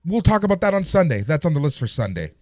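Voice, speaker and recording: Man, podcast co-host, lively pitch swings, joking, dry close mic. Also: quick pace, no echo. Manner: lively, joking, moves the show along. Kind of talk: casual chat.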